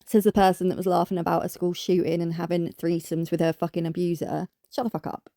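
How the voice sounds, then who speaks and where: A woman's voice: lowish voice, little pitch movement, quick pace, mellow, no echo. A woman giving angry reaction commentary, blunt, scolding and full of swearing.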